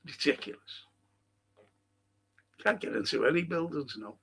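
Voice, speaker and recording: A man's voice: a little high, lively intonation, a little slow, vocal fry, a bit bright, breathy edge. A man with a Liverpool accent hosting a fan stream, rambling through viewer comments, swearing freely and laughing at his own stories. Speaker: host of a fan live stream. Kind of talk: casual chat reading viewer comments.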